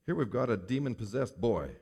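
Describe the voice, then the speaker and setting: Man preaching with lively pitch. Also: a little fast, slightly rough. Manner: reads scripture aloud, then explains it with emphatic repetition. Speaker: pastor. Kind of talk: sermon.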